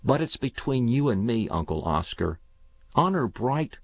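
An earnest, grave young boy who confides his secrets, as a man reads him in an audiobook. The voice is lifted and lively in pitch with a gravelly edge. The recording is dry and a little dull. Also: measured pace. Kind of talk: audiobook reading.

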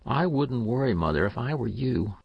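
A man's voice: medium pitch, expressive, normal speed, creaky, husky, no echo, muffled recording. A man voicing a frail, intense young boy who speaks earnestly and insistently. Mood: reassuring.

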